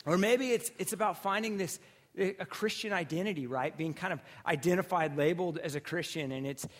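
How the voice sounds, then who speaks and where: A man preaching a sermon as pastor, telling stories casually with restarts and animated asides. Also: high voice, brisk. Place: church sanctuary.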